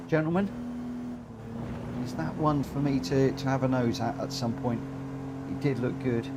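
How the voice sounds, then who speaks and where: A man hosting a live racing game stream, talking excitedly and rambling, often tripping over his own words. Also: mid-range voice, background noise.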